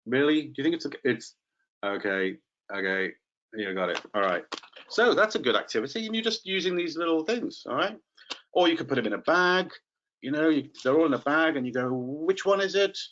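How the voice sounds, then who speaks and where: A man's voice: mid-range voice, lively intonation, fairly quick, fairly bright tone, dull audio, slight background noise. A man training teachers in a live online webinar, chatty and playful, calling on participants by name.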